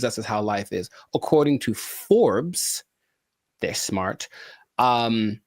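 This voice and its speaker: A man co-hosting a casual podcast, talking in a joking, rambling way with animated asides. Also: mid-range voice, no room sound, studio quality. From California. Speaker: podcast co-host.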